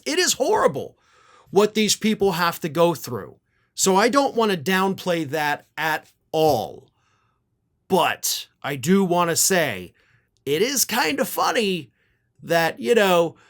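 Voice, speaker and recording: A man's voice: fairly high pitch, a bit bright. A man hosting a solo political commentary show, speaking earnestly and emphatically as he reads from reports and gives his views.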